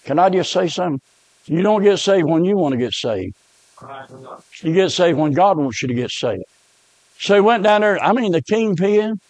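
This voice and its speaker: A man preaching an impassioned revival sermon, swinging from hushed lines to shouted repetitions. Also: sits high, no echo, low-quality recording.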